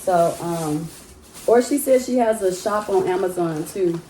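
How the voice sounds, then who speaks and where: A woman chats casually to her vlog viewers in a low, mellow voice. She is animated and talkative and laughs easily. Her voice carries a roomy echo from the room at home where she records. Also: unhurried, slight background noise. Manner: chatty and animated, laughs often, addresses viewers as y'all. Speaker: vlogger.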